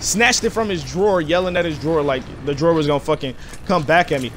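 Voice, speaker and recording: Young man, gaming YouTuber, slangy and animated, slightly high voice. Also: fast, background noise. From Detroit, USA. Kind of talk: casual storytelling over gameplay.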